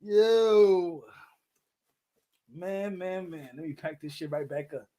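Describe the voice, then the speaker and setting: A man's voice: sits high, slow. A New York man hosting a boxing channel, ranting casually with lots of cursing and frequent laughter. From New York City. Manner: animated, profane, laughs often. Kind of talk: casual rant to camera.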